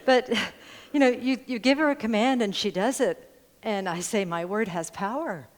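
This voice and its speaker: A woman's voice: on the high side, moderate pace. Laughing woman minister in a reverberant hall. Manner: chatty and humorous, laughing often between lines. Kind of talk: conversational sermon. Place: spiritual center sanctuary before a congregation. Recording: long hall reverb in a large room.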